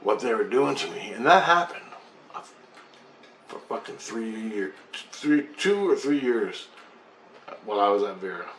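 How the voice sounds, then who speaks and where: A man's voice: fairly low pitch, sing-song, measured pace, long pauses, fairly bright tone. A middle-aged man telling a long personal story in a rambling, profane, intense way. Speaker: vlogger telling his own experience. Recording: echoey room with faint background noise.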